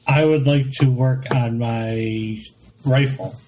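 A man's voice: mid-range voice, fairly even intonation, slow, noisy background. A man playing a tabletop game, chatting in a laid-back, easygoing way. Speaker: player. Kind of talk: casual tabletop game chat.

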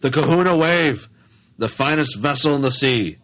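A grandiose sea captain, boastful and excitable, who talks in big sweeping phrases, played by a man. He has an ordinary mid-range voice. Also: mid-range voice, moderate pace, natural voice. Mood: excited.

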